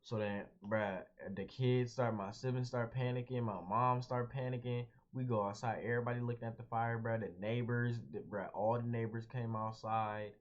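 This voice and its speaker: A young man telling a story casually as a vlogger, animated and slangy, calling everyone "bro". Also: mid-range voice, moderate pace, hardly any pauses. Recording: dull lo-fi audio.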